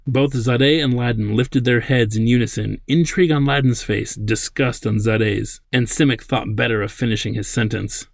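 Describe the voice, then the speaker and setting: A man reading his own science-fiction novel aloud in a steady, plain narrating voice. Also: medium pitch, normal speed, gravelly, hardly any pauses, no room sound. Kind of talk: audiobook narration.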